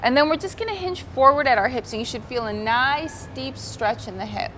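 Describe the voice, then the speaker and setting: A woman leads a guided yoga class with gentle, soothing cues, her voice sitting a little high. She talks outdoors by the sea, and faint background noise hangs under her words. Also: expressive, brisk. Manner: slips into Spanish cues. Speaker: yoga instructor. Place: outdoors by the ocean.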